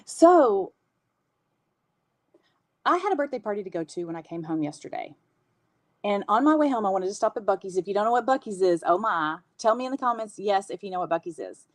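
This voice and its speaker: A woman in her fifties with a Southern accent chats on a livestream, answering viewer comments and laughing as she goes. Her voice swings up and down in a lively way. The sound is dry and close, with no room echo. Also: mid-range voice. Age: 50s. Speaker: host. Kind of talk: casual livestream chat.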